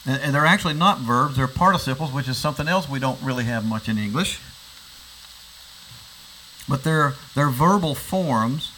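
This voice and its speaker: A pastor preaches a sermon in a mid-range male voice, bright and forceful, at a normal speed with frequent pauses. He teaches from a passage, asking rhetorical questions and often repeating words as he restarts. The recording is poor, with slight background noise.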